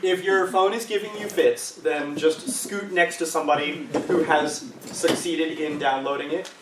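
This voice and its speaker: A man's slightly higher-pitched voice leads a choir workshop, patient and encouraging as he walks singers through exercises. He is heard from some distance in an echoey rehearsal room, with a faint hiss beneath. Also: steady tone, normal speed. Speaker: choral workshop leader. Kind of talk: live choir workshop teaching.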